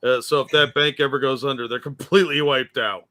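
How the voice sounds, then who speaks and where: A man's voice: medium pitch, fairly even intonation, fairly quick, pushed and bright, no echo. A man co-hosting a casual political chat stream, mostly agreeing with short replies and thanking chat. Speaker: co-host.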